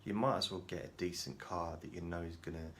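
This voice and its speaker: A man's voice: low voice, steady tone, a little fast, a bit bright, slight background noise. A man talking casually to camera in a rambling, self-deprecating way, often restarting his sentences. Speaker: vlogger.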